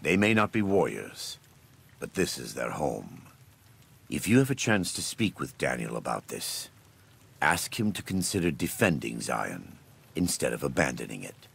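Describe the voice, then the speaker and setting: An actor playing a stern, scripture-quoting warrior preacher in a video game, speaking slowly and solemnly with a gravelly, husky voice. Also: male voice, very deep voice, sing-song, fairly bright tone, full character voice. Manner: slow, measured, solemn delivery.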